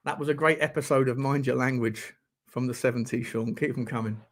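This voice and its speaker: A man's voice: mid-range voice, fairly even intonation, brisk. A man hosting a casual live-stream chat, joking around and reading out viewer messages. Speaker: livestream host.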